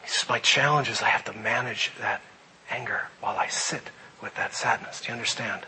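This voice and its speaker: A middle-aged man preaching a sermon, animated, moving between loud emphasis and quiet reflection. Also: fairly low pitch, fairly quick, slight background noise, rough recording. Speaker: pastor.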